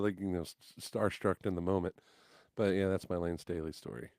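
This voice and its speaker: A guest musician on a casual podcast tells animated stories, acting out the voices and quotes and swearing casually. He has a low voice and talks fast, recorded with studio quality and no echo.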